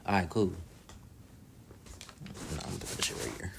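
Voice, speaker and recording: Brief: man reviewer, low voice, loose profane slang, easygoing episode recap. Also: animated, normal speed, creaky, background noise. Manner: slangy, profane, laid-back storytelling. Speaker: reality show reviewer.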